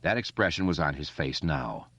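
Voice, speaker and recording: A man narrating an audiobook in a steady, expressive storytelling way. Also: rumbling low, normal speed, no room sound. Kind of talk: scripted narration. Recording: dull lo-fi dry recording.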